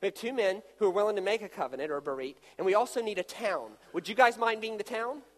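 Animated preacher man in a reverberant hall. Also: sits high, fast. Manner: animated, jokey storytelling with volunteers. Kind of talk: sermon with live demonstration.

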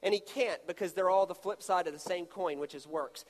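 A man's voice: sits high, brisk, few pauses. A man preaching a sermon, joking with volunteers as he acts out a demonstration. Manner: animated, jokey storytelling with volunteers. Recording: long hall reverb.

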